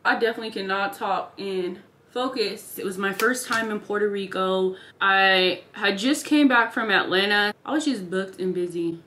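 Chatty bright-voiced young woman vlogger. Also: medium pitch, normal speed, echoey room, a little hiss or hum. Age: 20s. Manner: chatty, upbeat, slangy. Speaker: lifestyle vlogger. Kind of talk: casual get-ready-with-me narration. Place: bedroom at a vanity.

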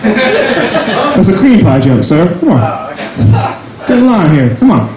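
A man's voice: high-pitched, sing-song, takes it slowly, roomy sound, music in the background, poor audio. A young man doing a crude, self-mocking stand-up set at an open mic, full of jumpy asides. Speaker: stand-up comedian. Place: small cafe comedy night.

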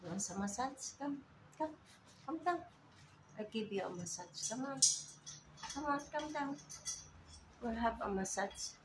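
A woman vlogging at home, coaxing her pet bird in a soft, baby-talk way. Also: fairly high pitch, animated, a little slow, long pauses. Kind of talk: casual vlog talking to a pet bird. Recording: noisy home recording.

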